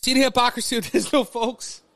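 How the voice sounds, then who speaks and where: A man's voice: extremely high pitch, fairly even intonation, brisk, gravelly, a bit bright, dry recording. A man from Louisiana, hosting a political commentary podcast, stumbling through restarts and addressing listeners as folks. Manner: repetitive restarts, talks straight to listeners as folks. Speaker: podcast host.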